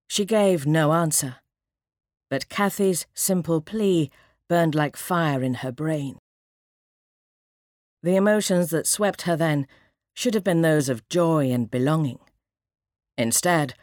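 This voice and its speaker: A woman narrating an audiobook in a measured, dramatic reading. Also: low-pitched, a little mellow, no echo, clean studio sound.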